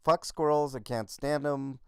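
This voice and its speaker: Smooth-voiced man telling a profane story. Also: mid-range voice, steady tone, a little slow, fairly bright tone, no room sound. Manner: rambling storyteller, heavy swearing. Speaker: podcast co-host. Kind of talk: casual profane chat.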